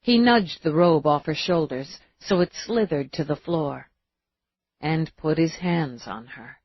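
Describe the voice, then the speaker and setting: A woman reading an audiobook in a steady, measured way, in a dull, dry recording. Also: low voice, breathy edge, no room sound. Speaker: audiobook narrator. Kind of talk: audiobook narration.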